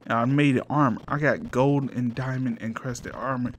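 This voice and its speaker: A man's voice: mid-range voice, steady tone, moderate pace, a little hiss or hum, close to an everyday voice. A man voicing a boastful, swaggering male dragon who talks in laid-back slang. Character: swaggering rich male dragon in gold armor.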